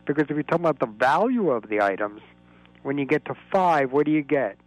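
A man's voice: on the high side, big pitch swings, fast talker, no echo, highs cut off. A man calling in to a radio talk show from Florida, explaining at length in a rambling, lecturing way. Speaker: caller. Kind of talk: call-in radio chat.

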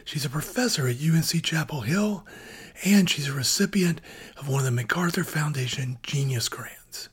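Very breathy host voice. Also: mid-range voice, animated, normal speed. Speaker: radio host. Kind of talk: scripted introduction and interview questions.

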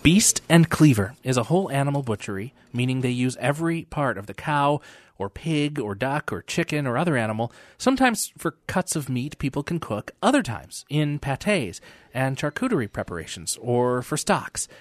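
A man reading scripted documentary narration in a clear, measured delivery. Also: mid-range voice, big pitch swings, no room sound.

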